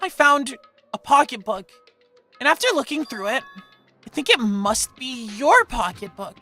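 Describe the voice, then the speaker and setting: Makoto, an earnest ordinary schoolboy, voiced by a woman, sounds high and bright with a lively, bouncing delivery. Faint music runs underneath. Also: unhurried, heavily acted. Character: earnest, ordinary teenage boy student. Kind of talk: dramatic reading of game dialogue.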